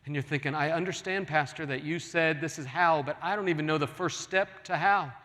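A pastor preaches a sermon in a large church, earnestly pleading with his congregation. His voice is fairly high and sharp, and he speaks a little fast. Long hall reverb fills the recording.

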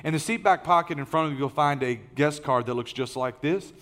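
On the high side and brisk, the voice of this middle-aged lead pastor is fairly bright. His sermon is conversational and folksy, packed with fillers and restarts, and it's recorded in a large church auditorium with the long reverb of a big hall.

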